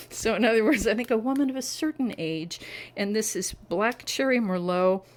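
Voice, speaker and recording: A woman's voice: a little high, normal speed, poor audio. A middle-aged woman chatting at home in a casual review vlog, enthusiastic and savoring each description. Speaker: wax melt reviewer. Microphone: camera on a tripod.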